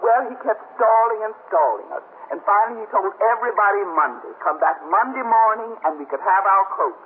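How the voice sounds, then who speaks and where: A woman's voice: medium pitch, expressive, fairly quick, breathy edge. An actress playing a blunt, indignant married woman in a 1950s radio drama, insistent and no-nonsense. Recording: tinny, hissy old radio broadcast.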